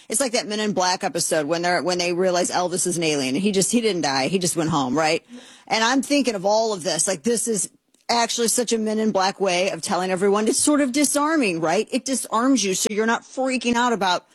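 Sarcastic, excitable woman talk host. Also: medium pitch, fairly quick, slightly rough, dry recording. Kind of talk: comedic political commentary.

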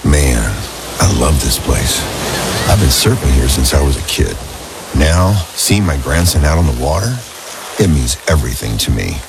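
An actor voicing a nostalgic old surfer grandfather, speaking slow and wistful in a very deep, rumbling voice, soft music playing behind him. He sounds like a man who has spent a lifetime at the beach. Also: animated. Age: older. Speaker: ad character. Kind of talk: commercial acting.

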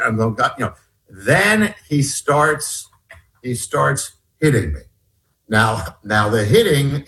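A man's voice: mid-range voice, a bit bright, rough recording. A man, an author being interviewed, earnestly recounting a personal story with many restarts and repeated words. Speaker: author guest.

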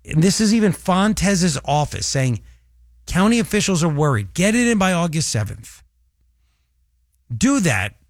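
A man's voice: high voice, no echo, clean studio sound. A man hosting a political talk radio show, mocking and sarcastic as he comments. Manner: mocking, sarcastic, laughing at his targets.

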